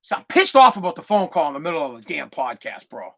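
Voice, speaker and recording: A man's voice: fairly high pitch, sing-song, fast, gravelly, pushed and bright. A man hosting a solo sports podcast, ranting in a fired-up way, swearing and repeating himself. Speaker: podcast host.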